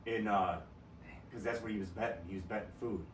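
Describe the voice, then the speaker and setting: A man's voice: on the low side, steady tone, a little fast, distant mic, slight background noise. A man hosting a podcast in casual chat, telling profane stories and laughing often. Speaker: podcast host. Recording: roomy echo from off-mic, faint ambience.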